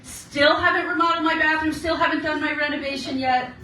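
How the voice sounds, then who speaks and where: A woman's voice: high-pitched, steady tone, a little fast, sharp tone. A woman in her sixties, a guest speaker at a meeting, telling stories in a chatty way, laughing often and checking in with "okay?". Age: 60s. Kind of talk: casual encouraging talk. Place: meeting room. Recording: very echoey room, recorded from far off.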